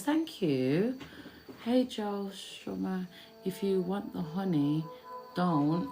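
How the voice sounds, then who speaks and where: A woman giving a live card reading to her viewers, blunt and emphatic, who swears and greets people from the chat. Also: deep voice. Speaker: tarot card reader.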